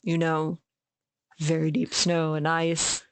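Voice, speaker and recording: A woman's voice: low-pitched, completely flat delivery, takes it slowly, clean tone, no echo. An American woman co-hosting a casual chat, talkative and full of filler words. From United States. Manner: chatty, lots of filler likes. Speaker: co-host.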